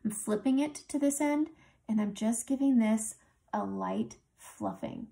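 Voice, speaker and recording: A woman narrates a makeup tutorial in a casual, chatty way, walking through every step as she works. Her voice carries a gravelly, creaky texture. She sits close to the mic and sounds relaxed and conversational. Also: fairly high pitch, unhurried. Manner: chatty, talks through each step while applying makeup.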